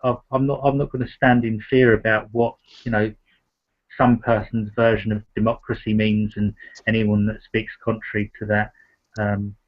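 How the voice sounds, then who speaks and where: A man hosting a discussion, talking in a halting way with many fillers and restarts. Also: on the low side, little pitch movement. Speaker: host. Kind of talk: casual discussion. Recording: dull lo-fi sound.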